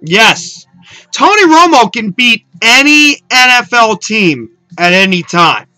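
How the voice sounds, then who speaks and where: A man with a fairly high, very bright voice talks football eagerly, repeating himself and piling on fillers. He sounds close and dry, with no room around him. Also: very animated, slow pace, no room sound, soft background music, poor audio. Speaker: host. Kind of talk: casual sports chat.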